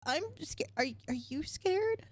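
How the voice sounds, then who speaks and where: A woman's voice: sits high, expressive, slow, no room sound, voice pushed up. A woman voicing a frightened little boy who is close to tears, speaking shakily and hesitantly. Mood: timid. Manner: shaky, hesitant, near tears.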